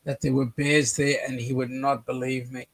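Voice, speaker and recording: A man's voice: mid-range voice, little pitch movement, normal speed, creaky. An Australian man co-hosting a casual live chat, reading viewer comments aloud and joking. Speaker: co-host of a live chat stream.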